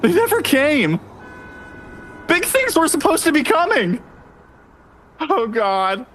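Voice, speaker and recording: A man playing a despairing young male rocker in a comedy radio sketch, with a wailing, drawn-out lament. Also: extremely high pitch, wildly swooping pitch, a bit bright, voice pushed up, exaggerated voice.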